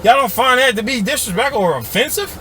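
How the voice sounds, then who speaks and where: A man's voice: very high-pitched, lively intonation, fast talker, bright, forceful tone, a little hiss or hum. A man giving a heated, sarcastic political commentary straight to his viewers, calling them y'all. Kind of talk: ranting video commentary.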